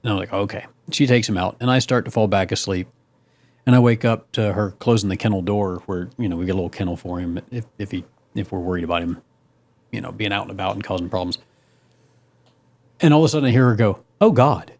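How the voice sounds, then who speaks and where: A man's voice: lowish voice, fast talker, a little mellow. A man hosting a casual podcast, telling a funny story with lots of laughter and animation. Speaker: podcast host.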